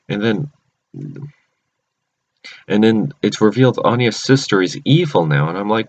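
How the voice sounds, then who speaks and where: A man with a lowish voice giving a casual, rambling recap of cartoon episodes, and he keeps stopping to restart or correct himself. The recording sounds dull and lo-fi. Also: animated, moderate pace.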